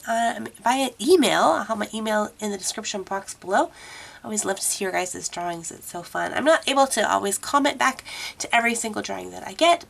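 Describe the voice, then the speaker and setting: A young woman narrates a drawing tutorial in a casual voiceover, her voice nasal and stuffed up from a cold. She sits a touch high in pitch with a gravelly fry, and she rambles chattily and apologetically. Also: a bit bright. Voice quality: congested, nasal. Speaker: art tutorial host. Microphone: voiceover mic.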